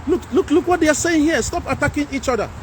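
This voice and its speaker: A man with a Nigerian accent hosting a livestream, talking to viewers and reading their comments in an animated, pleading way. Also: extremely high pitch, quick pace, a little hiss or hum. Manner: animated, pleading, mixes in Pidgin. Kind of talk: casual livestream talk.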